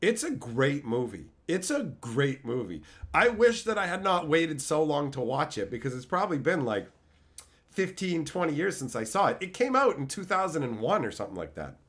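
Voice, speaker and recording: A man's voice: fairly high pitch, sing-song, normal speed, fairly bright tone. A man chatting casually on a live stream, telling stories animatedly and laughing often.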